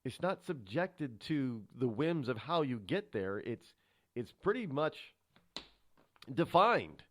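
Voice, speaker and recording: A man's voice: medium pitch, big pitch swings, slow pace, a bit bright. A man hosting a talk radio show, rambling sarcastically with many restarts. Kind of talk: casual talk radio monologue.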